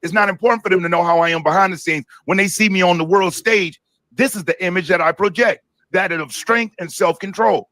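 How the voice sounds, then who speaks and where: A man's voice: high voice, fairly quick, fairly bright tone, no room sound. A man co-hosting a live stream, giving opinionated political commentary in a casual, explanatory way.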